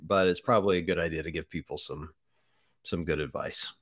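A blunt, joking male podcast co-host who swears freely. His voice sits fairly low and sounds dry and close, with no room echo. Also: steady tone, a little fast, fairly bright tone. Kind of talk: casual podcast chat.

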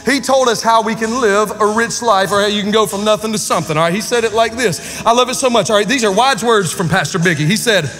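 A man with a high voice preaches a lively sermon, trading jokes with the congregation in casual slang. His voice carries a long reverb from the church hall around him. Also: quick pace, hardly any pauses, soft background music. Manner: joking, conversational preaching with Southern slang. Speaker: pastor. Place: church sanctuary with live congregation.

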